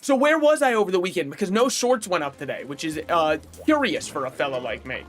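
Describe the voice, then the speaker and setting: Male gaming streamer, higher voice, rambling and opinionated, chuckles a lot, faint music behind. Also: expressive, quick pace. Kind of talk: casual livestream chat while playing.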